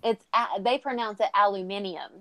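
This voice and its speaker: A woman's voice: fairly high pitch, normal speed, crowd noise. A woman chatting casually on a live stream, joking and giggling as she talks.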